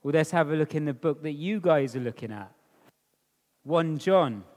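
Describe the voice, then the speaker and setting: A man delivers a sermon in a chatty, animated way, throwing rhetorical questions at his listeners. His voice sits high and swings widely in pitch. He takes his time, and a long hall reverb trails each phrase. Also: normal speed. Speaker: preacher.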